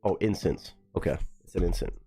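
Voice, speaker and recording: A man's voice: deep voice, fairly quick, dark tone, soft background music. A young man chatting casually on a live stream, loose and profane, musing aloud as he goes.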